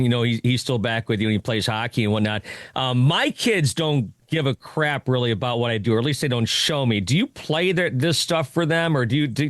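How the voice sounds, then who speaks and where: A man from Ohio hosts a relaxed interview, firing off quick, chatty questions. His voice is mid-pitched and the recording is dry, with no room sound. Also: no room sound. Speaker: radio show host. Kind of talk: casual interview chat.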